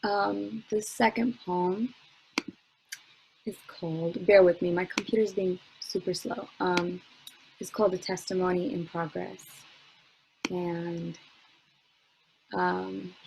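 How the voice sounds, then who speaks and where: Young woman poet, spoken word reading, unhurried and level, computer mic on a video call. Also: lowish voice, little pitch movement, gravelly, noisy background. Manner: slow, measured delivery with long pauses, chatty with fillers between poems.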